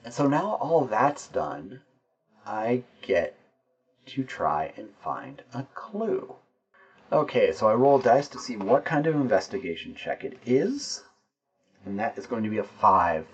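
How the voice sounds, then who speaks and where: A man's voice: fairly low pitch, very animated, a little slow, breathy edge, muffled recording. A man playing a tabletop game solo, narrating the scene and explaining his dice rolls and rules as he goes.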